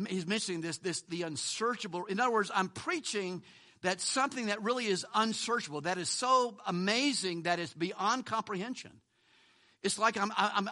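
A man pastor preaching a sermon in a conversational way, swinging between loud emphasis and hushed lines, with asides and chuckles. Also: high-pitched.

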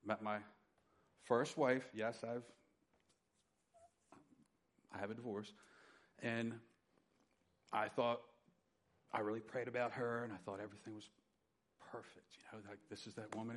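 A middle-aged man preaching a sermon, telling his personal testimony with dynamic swings from loud emphasis to quiet. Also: lowish voice. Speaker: pastor.

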